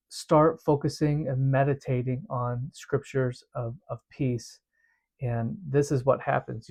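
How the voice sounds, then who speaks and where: Earnest man teaching in a relaxed, chatty way. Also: a little high. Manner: earnest, conversational, repeats words while explaining. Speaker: devotional teacher. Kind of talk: casual teaching demonstration.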